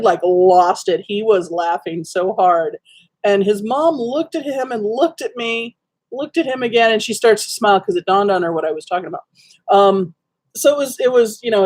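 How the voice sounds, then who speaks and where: A woman's voice: mid-range voice, normal speed, darkish tone. A woman chatting casually to her viewers in front of a webcam at home, telling a rambling story padded with lots of ums and likes. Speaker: livestream host. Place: dim room at home.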